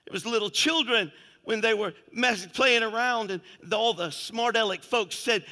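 A man preaching a fervent sermon, swinging between shouted exclamations and hushed, quiet passages. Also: high voice, moderate pace, in a large hall. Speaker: pastor.

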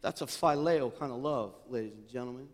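A male pastor preaching a sermon, swinging between fervent, near-shouted passages and quiet, chatty storytelling. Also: mid-range voice, a little fast, long reverb tail. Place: church sanctuary.

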